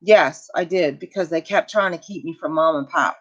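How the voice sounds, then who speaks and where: This channel host is a middle-aged woman with a low-pitched voice, talking at a moderate pace during a casual livestream. She tells a family story with indignation and feeling, answering viewer comments along the way, and the home audio is dull and lo-fi.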